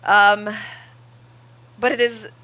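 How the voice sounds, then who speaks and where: A woman's voice: medium pitch, level tone, very slow, pushed and bright. A woman voicing a young female tiefling noble, eager yet insecure, who makes formal, self-conscious introductions in a tabletop role-play.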